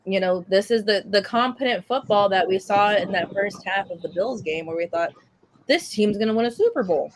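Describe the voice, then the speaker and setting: A woman co-hosting a sports podcast, chatting casually with a frank, crude, joking edge. Her voice sits at a middle pitch. A faint hiss runs under the recording. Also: moderate pace. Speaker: podcast co-host. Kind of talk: casual chat. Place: restaurant, eating.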